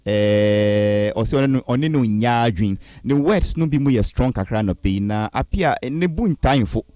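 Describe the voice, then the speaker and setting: A man with a Ghanaian accent hosting morning radio in a studio, talking in a hesitant, lively way mixing Twi and English. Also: medium pitch, normal speed, dry recording. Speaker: radio show host. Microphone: studio mic.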